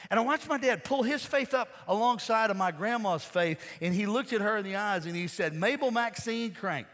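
A man's voice: high-pitched, brisk, a bit bright. A man preaching a sermon, telling a folksy story and talking straight to his congregation. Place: church sanctuary. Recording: long hall reverb.

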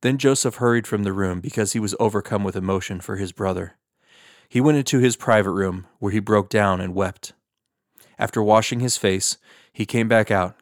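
A man narrates scripture in a low, even-paced voice. His reading is steady and measured. The sound is dry and close, with no room around it. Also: no echo. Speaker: scripture reader.

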